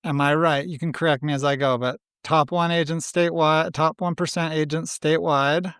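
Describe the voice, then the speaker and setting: A man's voice: fairly high pitch, steady tone, moderate pace, a bit bright, clean tone, dry recording, studio quality. A man hosting a podcast in loose, joking casual chat, often trailing off mid-sentence. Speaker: podcast host.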